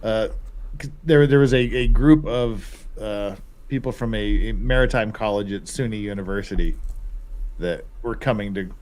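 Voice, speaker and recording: A man's voice: on the low side, moderate pace, darkish tone. A sleep-deprived man hosting a casual livestream chat, rambling and swearing casually. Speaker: host.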